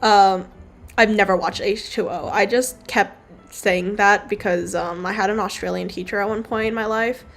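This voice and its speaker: A woman's voice: medium pitch, fairly even intonation, normal speed, fairly bright tone. A young woman casually talking through her digital drawing, rambling and offhand, with the odd swear word. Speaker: digital artist streamer. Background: faint background music.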